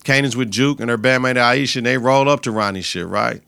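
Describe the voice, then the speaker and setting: Male podcast host, bright gravelly voice, dry close sound, slangy profane recap. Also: mid-range voice, brisk, dry recording. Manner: profane, slangy retelling with quoted lines. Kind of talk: casual TV episode recap.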